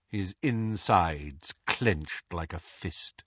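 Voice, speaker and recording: A man reading an audiobook in a measured, expressive way. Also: mid-range voice, breathy edge, no room sound, highs cut off. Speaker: audiobook narrator. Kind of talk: audiobook narration.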